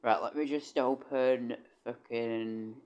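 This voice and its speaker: A man's voice: medium pitch, fairly even intonation, takes it slowly, a little mellow, smooth, highs cut off. A young man, chatting casually on a livestream, rambling with stammered restarts and casual swearing. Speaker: streamer and composer.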